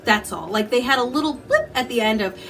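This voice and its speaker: A woman giving opinionated, casual book reviews in a vlog, animated and full of asides. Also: a little high, brisk, soft background music. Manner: animated, opinionated, with frequent asides and mock quotes.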